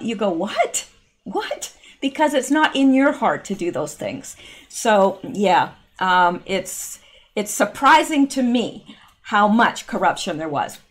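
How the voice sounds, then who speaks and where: Chatty woman hosting a commentary channel. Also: mid-range voice. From Canada. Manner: chatty, with many fillers and asides. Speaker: channel host. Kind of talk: casual monologue commentary.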